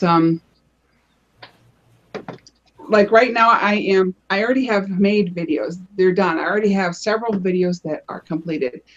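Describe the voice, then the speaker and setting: Chatty woman demoing crafts, muffled audio. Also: mid-range voice. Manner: chatty, restarts phrases, explains as she holds things up. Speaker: panel guest showing her crafts. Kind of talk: casual show-and-tell on a live panel show.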